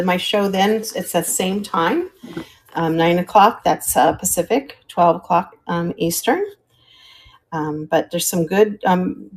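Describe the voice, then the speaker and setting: An older woman hosts a live sale and chats in a friendly, rambling way as she shows off each figurine. Her voice has a creaky, gravelly edge, and she pauses often to find the right word. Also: mid-range voice, darkish tone, a little hiss or hum. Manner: chatty, friendly, describes items while hunting for words. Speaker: live-stream auction seller. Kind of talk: casual live selling chat.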